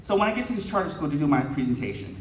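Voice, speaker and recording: This is a storytelling keynote at a banquet hall luncheon, given by a man in his fifties whose fairly high-pitched voice moves at a rapid-fire clip. He acts out dialogue with animated humor and jokes with the audience, captured in a distant, echoey, slightly dull room recording with slight background noise.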